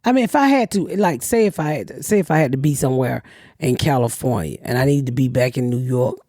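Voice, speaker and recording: A woman's voice: extremely low pitch, lively intonation, fast, dry recording, clean studio sound. Blunt, foul-mouthed woman comedian host. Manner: profane, blunt storytelling with loud acted quotes. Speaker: podcast host. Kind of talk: casual comedic chat.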